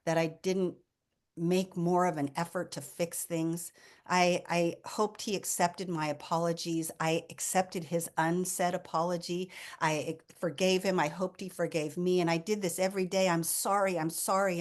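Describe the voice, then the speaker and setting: This is a woman in her fifties with a slightly low-pitched voice, telling a personal story about grief. She speaks earnestly and with feeling, often restarting her sentences. At the most tender moments her voice falls soft, almost to a whisper. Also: level tone, normal speed. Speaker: hospice nurse and author.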